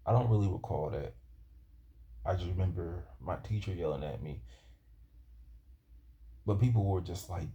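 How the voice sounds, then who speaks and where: A man with a low, gravelly voice tells a personal story. His tone is dark and mellow. He rambles and stumbles, restarting his sentences as he goes. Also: lively intonation, lo-fi sound. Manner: halting, rambling, with many restarts. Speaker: vlogger.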